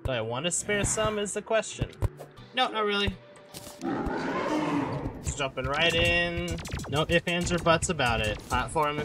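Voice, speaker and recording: A young man giving rambling, self-mocking commentary while playing a game, swinging between mumbles and loud outbursts. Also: fairly high pitch, lively intonation, a little slow. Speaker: gaming YouTuber. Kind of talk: casual gameplay commentary. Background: game music.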